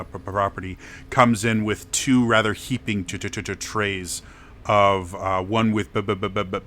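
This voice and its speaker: A man's voice: lowish voice, sharp tone. A man running a tabletop game as game master, narrating with a heavy stutter on the first sounds of words.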